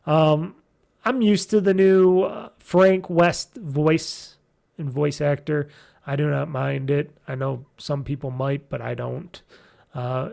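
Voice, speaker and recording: Gravelly-voiced man hosting a gaming podcast. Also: a little high, darkish tone. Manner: loose and chatty, many fillers and restarts. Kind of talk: casual rambling game review.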